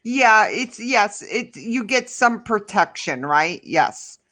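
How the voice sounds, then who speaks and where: A woman's voice: mid-range voice, big pitch swings, takes it slowly, bright, forceful tone. A woman hosting a casual livestream who answers her chat in a rambling, heated way. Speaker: livestream host.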